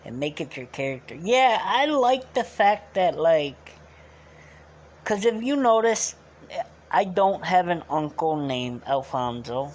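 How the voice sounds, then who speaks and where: Slow-talking man chatting with stream chat. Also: fairly high pitch, sing-song. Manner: loose and chatty, asks viewers to rate him. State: sore throat from doing a voice. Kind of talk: casual chat with stream viewers.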